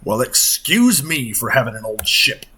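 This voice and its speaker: A man's voice: medium pitch, sing-song, normal speed, pushed and bright, breathy edge, full character voice. A man doing a prickly, proud ship captain. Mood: offended. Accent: British.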